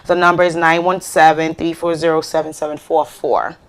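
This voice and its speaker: A woman from Ghana hosting a live call-in show, chatting casually, laughing and reading out viewer comments and shout-outs with many fillers. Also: low-pitched, little pitch movement, fairly quick.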